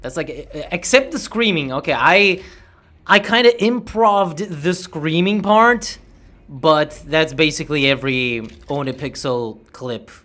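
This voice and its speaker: A man's voice: a little high, measured pace, pushed and bright. A man chatting casually on a livestream, laid-back, swearing and tripping over words.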